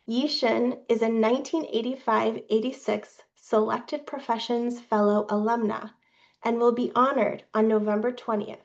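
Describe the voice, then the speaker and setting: A woman's voice: fairly high pitch, gravelly, darkish tone. Woman reading a formal update, dull sound. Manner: formal, measured delivery with small slips. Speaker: staff presenter.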